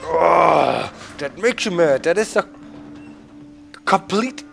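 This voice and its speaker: A man's voice: on the high side, expressive, slow, vocal fry, faint music behind. Frustrated man ranting over gameplay. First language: German. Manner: swearing, frustrated outbursts at the game. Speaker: gaming video host. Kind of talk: live gameplay commentary.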